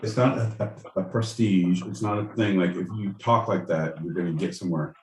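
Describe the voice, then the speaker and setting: A man's voice: deep voice, fairly even intonation, brisk, darkish tone, reverberant, low-quality recording. A man co-hosting a podcast in casual banter, joking and swearing as he riffs. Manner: profane, joking, riffing. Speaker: podcast co-host.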